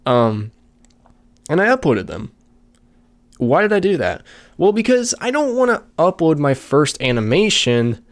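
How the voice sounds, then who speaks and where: Tired man rambling on a podcast. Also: mid-range voice. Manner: rambling, with many fillers and restarts. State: tired and out of breath. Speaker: podcast host. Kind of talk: casual solo podcast chat.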